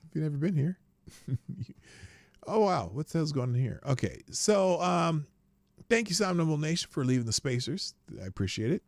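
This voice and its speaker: A man's voice: a little high, big pitch swings, moderate pace, darkish tone, dry recording. A man hosting a casual livestream show, rambling, profane and flippant, tired and yawning as he talks.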